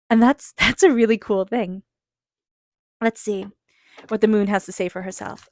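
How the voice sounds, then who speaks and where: A woman giving a casual tarot reading, chatty and expressive, acting out little reactions in between. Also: mid-range voice, normal speed, long pauses, dry recording, clean studio sound. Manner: soft repeated chanting invocation. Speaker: tarot reader.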